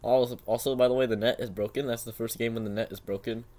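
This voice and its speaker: A teenage boy hosting a casual reaction video at home, excitable and self-mocking, saying "bro" a lot. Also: medium pitch, quick pace, a little hiss or hum. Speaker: channel host reacting to his own old basketball video.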